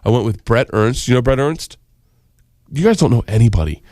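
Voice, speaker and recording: A male comedian telling rambling stories as a guest in a radio studio, laughing often and jumping up in pitch when quoting people. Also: animated, a little fast, warm tone, dry recording. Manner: rambling, laughing, jumps high for quoted voices. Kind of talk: casual radio interview storytelling.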